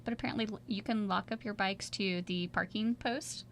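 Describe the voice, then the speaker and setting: A woman with a mid-pitched voice hosts a college radio interview. She asks easy questions and closes with show plugs. A faint hum runs behind her. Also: steady tone, moderate pace. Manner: easygoing, plugs shows and thanks listeners. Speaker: radio host.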